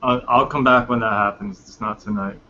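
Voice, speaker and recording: A man in a casual voice chat, talking in a halting, hesitant way. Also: mid-range voice, fairly even intonation, bright, forceful tone. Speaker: chat participant. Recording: dull lo-fi voice chat with faint noise.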